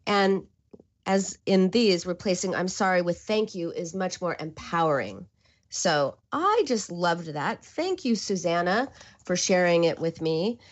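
A woman's voice: lowish voice, lively intonation, a little slow, muffled recording. A woman hosting a call-in radio show, talking earnestly and conversationally with some restarts.

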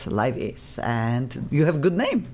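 A middle-aged woman from Poland with a Polish accent, hosting a lively radio talk show, effusive and laughing often. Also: a bass voice, measured pace, a little hiss or hum.

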